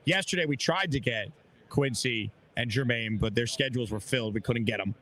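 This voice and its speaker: A man's voice: mid-range voice, brisk, pushed and bright. A man hosting a live sports radio call-in show, talking in an upbeat, chatty way from a busy radio row.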